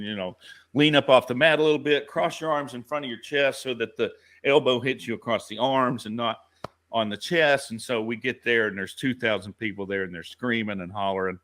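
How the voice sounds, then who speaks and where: A man's voice: on the low side, bright, forceful tone. Self-mocking man telling a story. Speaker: podcast guest. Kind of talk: anecdote in a clip.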